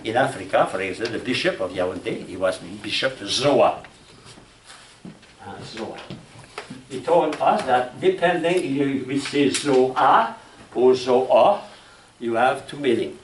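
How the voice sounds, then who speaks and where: A man from France with a French accent, giving a classroom lecture on logic, speaking haltingly with restarts and asking "huh?" and "you know?". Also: mid-range voice. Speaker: logic instructor. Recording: echoey room from far off, faint noise.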